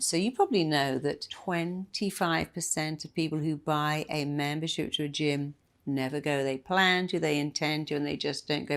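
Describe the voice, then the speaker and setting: A woman giving a motivational talk, emphatic and repeating key phrases for effect. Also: deep voice. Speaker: motivational speaker.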